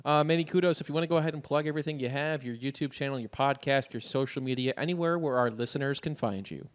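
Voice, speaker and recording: A man hosting a podcast, chatting casually and briskly reading out plugs and contact details. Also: medium pitch. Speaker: podcast host.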